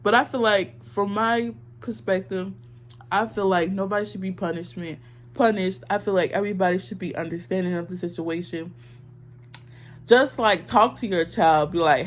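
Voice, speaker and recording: A woman's voice: mid-range voice, moderate pace. Young woman vlogger, casual earnest opinion talk, emotional, filler-heavy.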